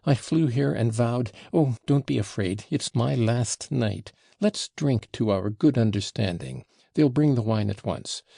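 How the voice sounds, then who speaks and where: A man reading the part of a frantic, wildly emotional young man, in halting, choked outbursts. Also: medium pitch, gravelly, warm tone, no room sound, clean studio sound. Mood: desperate.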